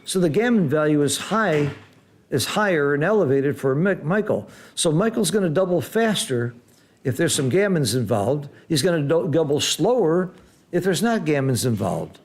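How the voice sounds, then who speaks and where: Excited guy calling a board game live, kinda high voice, explains stuff like a teacher. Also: normal speed. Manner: excitable, exclaims loudly at big rolls, then explains calmly. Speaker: backgammon commentator and teacher.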